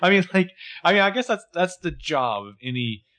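A man's voice: fairly high pitch, very animated, normal speed, a bit bright. A man co-hosting a podcast, casually picking apart a TV episode with wry, analytical asides. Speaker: podcast co-host. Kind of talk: casual chat.

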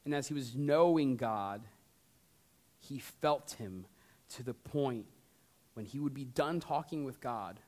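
A man preaching a sermon as pastor, talking straight to the congregation and swinging from lively emphasis down to hushed storytelling. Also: medium pitch, takes it slowly, long pauses. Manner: conversational, addresses the congregation directly.

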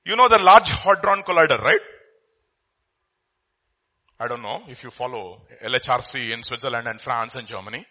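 A man from India preaching a sermon, his delivery swinging between loud, emphatic bursts and quiet, hushed asides. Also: medium pitch, expressive, moderate pace, long pauses.

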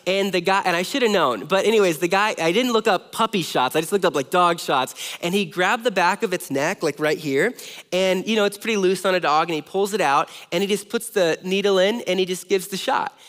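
A man in his thirties from Southern California preaching a sermon, telling a self-deprecating story with animated energy. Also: high voice, fairly quick. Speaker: pastor. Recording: long hall reverb.

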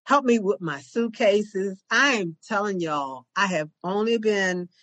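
A woman co-hosting a podcast, telling a story in a chatty, animated way. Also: mid-range voice, unhurried. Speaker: podcast co-host. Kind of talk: casual chat, storytelling.

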